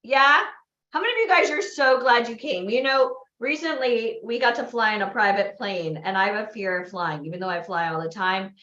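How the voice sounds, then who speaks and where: Animated woman firing up a crowd. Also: fairly high pitch, normal speed. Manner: animated, exclaiming, asks the crowd questions. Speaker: event host. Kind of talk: motivational talk to a live audience. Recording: echoey, dull livestream audio.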